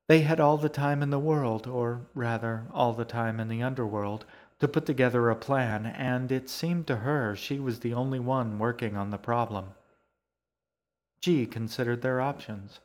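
A man narrating his own novel in a podcast, reading in a measured, unhurried way. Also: medium pitch, fairly even intonation. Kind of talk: scripted narration.

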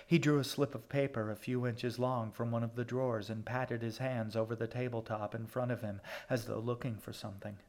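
Male audiobook narrator, measured and steady delivery. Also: medium pitch.

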